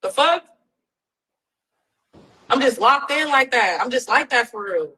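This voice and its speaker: A woman's voice: fairly high pitch, expressive, measured pace, bright, forceful tone, husky, low-quality recording. A defiant young woman ranting profanely on a phone livestream, repeating herself often. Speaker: reality TV personality on a livestream.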